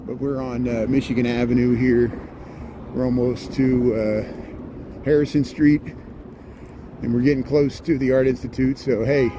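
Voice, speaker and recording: A man with a Chicago accent live-streaming a walking tour, chatting casually and greeting viewers by name as he walks outdoors. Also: mid-range voice. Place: outdoors on a busy city street. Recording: clear traffic noise behind.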